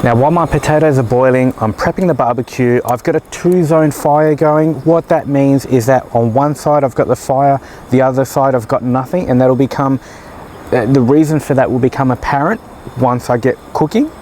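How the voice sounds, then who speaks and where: A man's voice: mid-range voice, normal speed, darkish tone, a little hiss or hum, rough recording. A man hosting a casual cooking tutorial outdoors by a barbecue, joking and encouraging as he explains each step. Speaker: cooking show host.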